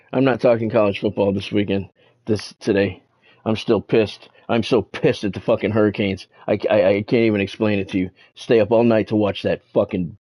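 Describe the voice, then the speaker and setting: This gaming streamer has a lowish voice with a darkish tone. He talks his way through a baseball video game live, greeting viewers by name and cursing whenever something irritates him.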